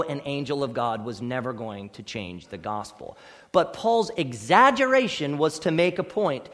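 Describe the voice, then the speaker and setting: A pastor preaches a sermon in a church sanctuary, emphatic and swinging between loud stressed words and quiet low asides. The sound is that of a big room.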